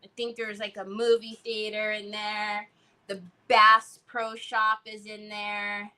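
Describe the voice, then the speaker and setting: A woman's voice: mid-range voice, monotone, takes it slowly, pushed and bright, smooth. A middle-aged woman hosting a crafting livestream, chatting in a rambling, storytelling way as she works. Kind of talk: casual chat while crafting.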